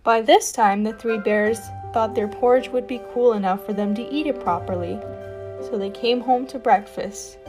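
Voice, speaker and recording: A woman telling a fairytale as a guest storyteller, reading expressively with lively emphasis. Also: a little high, moderate pace. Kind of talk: storybook narration. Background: background music.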